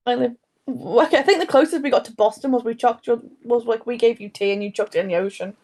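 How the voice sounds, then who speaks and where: A woman's voice: on the high side, quick pace, darkish tone. A young woman co-hosting a casual true crime podcast, rambling and breaking into her own story. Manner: rambling, self-interrupting storyteller. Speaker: podcast co-host.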